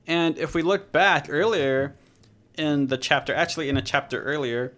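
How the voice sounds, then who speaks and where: A man's voice: fairly high pitch, fairly bright tone. A man hosting a podcast, discussing scripture in a conversational, joking way and correcting himself as he goes. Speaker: podcast host. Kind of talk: casual Bible discussion.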